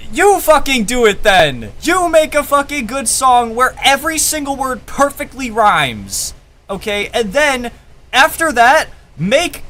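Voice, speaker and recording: A man's voice: high voice, pushed and bright. A young man, a rapper, ranting casually about rhyme in his own music, heated and profane, often restarting his sentences. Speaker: rapper breaking down his album.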